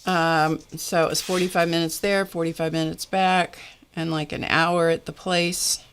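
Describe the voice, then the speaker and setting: A woman's voice: low-pitched, flat delivery, moderate pace, fairly bright tone, slight background noise. A woman hosting a live art session, chatting casually and rambling in a self-deprecating way while she crafts. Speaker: host of an art livestream.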